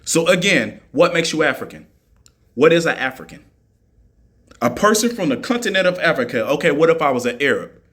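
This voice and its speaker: Guy ranting on a live stream, bright forceful voice, keeps mocking and repeating questions. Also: fairly high pitch, expressive, fairly quick. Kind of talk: argumentative live-stream rant.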